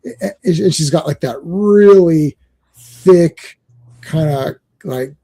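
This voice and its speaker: Laughing rambling man, dark voice. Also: on the high side, slow. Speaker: comic podcast host. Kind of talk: casual chat.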